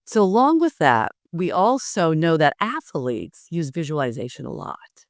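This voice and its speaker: A middle-aged woman coaching public speaking, lively and often laughing as she demonstrates. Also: low voice, moderate pace, dry recording, clean studio sound. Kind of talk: instructive interview talk.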